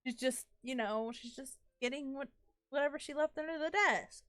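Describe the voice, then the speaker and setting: A woman's voice: high voice, normal speed, a bit bright, no echo, clean studio sound. A woman streaming a game live, chatting playfully with her viewers and laughing often. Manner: chats to viewers while playing. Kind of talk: casual live-stream gaming chat.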